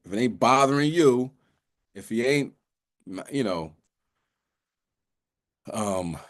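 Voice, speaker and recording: A man's voice: mid-range voice, animated, slow pace. Conversational man teaching scripture. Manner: conversational, repetitive, many restarts and "you know"s. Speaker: religious teacher. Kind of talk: casual bible teaching.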